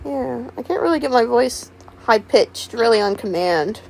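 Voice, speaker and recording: A woman's voice: on the high side, expressive, normal speed, gravelly, a little hiss or hum, poor audio. A woman streaming live, chatting casually with a giggly, rambling manner. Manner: giggly, rambling, repeats words.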